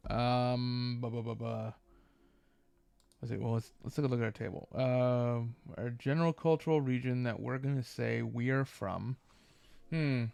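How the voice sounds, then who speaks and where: Gravelly, halting male streamer. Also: mid-range voice, dry recording. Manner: thinks aloud, halting, many restarts. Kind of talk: casual live-stream chat.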